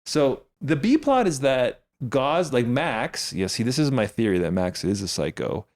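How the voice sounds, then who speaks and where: A male podcast co-host in easy, casual conversation. His pitch swings widely as he gets animated, and he laughs often, restarting sentences on the fly. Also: a little slow. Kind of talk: casual chat.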